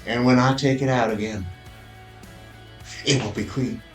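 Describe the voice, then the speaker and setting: A man's voice: medium pitch, steady tone, a little slow, natural voice. A man voicing Moses as a fervent, declaiming hill-country preacher, in a roomy echo over faint music.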